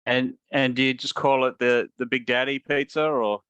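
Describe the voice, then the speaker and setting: A man's voice: medium pitch, little pitch movement, moderate pace, a bit bright, clean tone, no echo, highs cut off. A man with an Australian accent, co-hosting a casual podcast and asking the questions over a video call. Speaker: podcast co-host.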